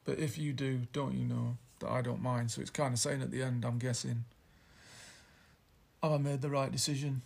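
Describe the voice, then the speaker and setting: A man talks casually about songs, pausing and restarting as he reads out lines. His voice is gravelly and a little husky. He speaks at a middle pitch. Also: flat delivery, a little mellow. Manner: rambling, hesitant, reads out lyrics. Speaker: podcast host reviewing an album. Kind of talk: casual chat.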